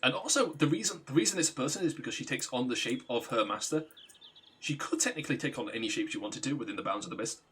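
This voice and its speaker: A man streaming a game, casually retelling a story in a rambling, animated way. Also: medium pitch, quick pace, slightly rough. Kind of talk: casual gameplay commentary.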